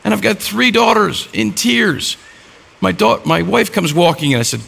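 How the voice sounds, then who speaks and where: A middle-aged man preaches a sermon and acts out the voices in his stories. His voice sits a little high and carries a heavy gravelly fry. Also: lively intonation, normal speed, fairly bright tone. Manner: storytelling with acted-out dialogue. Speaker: pastor.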